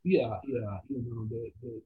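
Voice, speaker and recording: A man telling stories as an actor guest in a casual interview, animated and quoting other people's voices. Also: medium pitch, measured pace, husky. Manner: animated anecdotes with quoted voices. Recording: tinny phone-like line.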